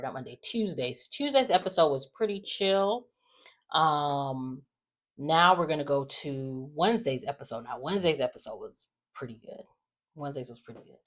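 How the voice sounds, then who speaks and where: Low-voiced woman recapping soap episodes. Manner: chatty, slangy, heated opinions. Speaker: soap opera recap vlogger.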